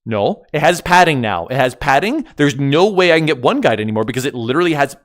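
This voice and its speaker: Loud, excitable young man streaming. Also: on the high side, fast talker. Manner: loud, excitable, bursts into yelling; joking, self-mocking banter with chat. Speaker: livestreamer. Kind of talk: live stream chat with viewers.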